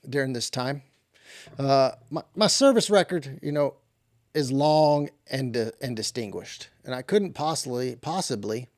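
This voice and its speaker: A man's voice: mid-range voice, lightly acted. A man voicing a boastful, touchy cowboy who tells tall tales of his military service in a rambling, put-on accent. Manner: rambling, swaggering bravado.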